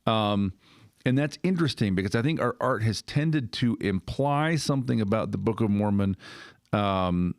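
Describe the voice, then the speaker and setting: A man's voice: lowish voice, lively intonation, moderate pace, no echo, clean studio sound. A man hosting a podcast conversation, thinking aloud with restarts and checking in with "right?". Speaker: podcast host. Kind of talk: casual conversational discussion.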